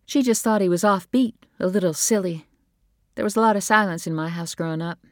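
A woman with a low voice reads a novel aloud in a calm, measured way. Her delivery is scripted and steady. The recording is close and completely dry. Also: no echo. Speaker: audiobook narrator. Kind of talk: scripted narration.

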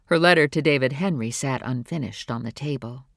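A woman narrating a novel in a steady, measured reading voice. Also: extremely low pitch, gravelly, no echo, clean studio sound. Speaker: audiobook narrator. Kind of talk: scripted narration.

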